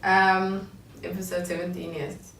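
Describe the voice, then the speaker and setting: A woman's voice: fairly low pitch, little pitch movement, a little slow, creaky, fairly bright tone. A woman hosting a casual chat, talkative and laughing easily. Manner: laughing, chatty, self-conscious. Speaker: host. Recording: roomy distant mic with faint noise.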